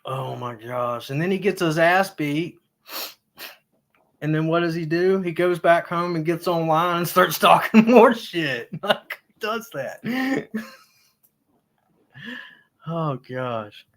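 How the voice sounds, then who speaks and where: A man hosting a laid-back live stream with a voice sitting a little high. He rambles, cusses casually and keeps breaking into laughter while he tells stories. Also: slow pace, pauses often, a bit bright. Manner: laughs often, retells stories with high squealing impressions; loose, rambling, swears casually.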